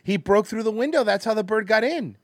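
Male comedy host, rowdy and crude, animated voice, dry booth sound. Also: sits high, a little fast, dry recording. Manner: loud, goofy, bursts into shouting. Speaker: podcast host.

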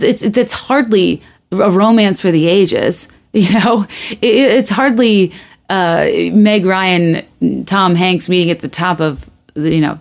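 A woman hosting a podcast in a casual monologue. She rambles, restarts her sentences and laughs at her own self-deprecating asides. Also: on the low side. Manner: restarts often and stacks quick asides. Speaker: podcast host.

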